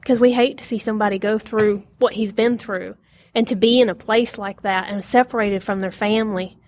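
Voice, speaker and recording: A woman's voice: medium pitch, steady tone, brisk, a little mellow, no echo. A middle-aged woman teaching a casual Bible lesson to a group, telling stories with animation, laughing often and acting out quotes.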